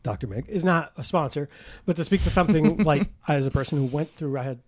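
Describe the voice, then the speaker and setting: A man's voice: on the high side, fast. A middle-aged man, a weightlifter guest on a podcast, telling stories animatedly, swearing and laughing often. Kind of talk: casual podcast chat.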